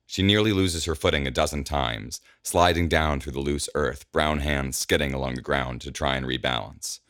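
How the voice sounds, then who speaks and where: A man narrates a story in a measured, descriptive delivery. His voice is extremely deep, and the recording is close and dry, with no room sound. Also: fairly bright tone, dry recording. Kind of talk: scripted narration.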